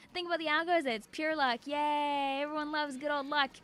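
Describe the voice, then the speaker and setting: A woman's voice: sits high, steady tone, racing, fairly bright tone. A young woman streaming a game, chatting casually and bubbly, laughing often. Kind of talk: casual gameplay chat.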